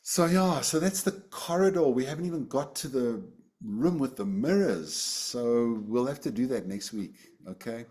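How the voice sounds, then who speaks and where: Man teaching a relaxed dharma class. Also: medium pitch, normal speed. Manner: relaxed, conversational, with many fillers and restarts. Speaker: Buddhist teacher. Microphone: video call.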